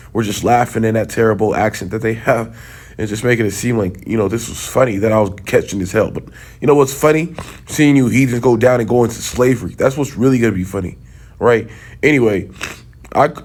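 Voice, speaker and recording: A man giving a sit-down religious teaching in loose, casual talk. He checks in often with quick tags and turns heated and scornful. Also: fairly low pitch, darkish tone. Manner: talks loosely, checks in with "right?" and "okay?".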